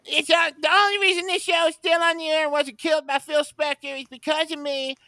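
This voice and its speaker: A man's voice: very high voice, little pitch movement, fairly quick, sharp tone, no echo, pitched above the performer's own voice, heavily acted. A man doing an impression of a boastful, foul-mouthed aging male rock star in a phone call bit, ranting and indignant. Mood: resentful.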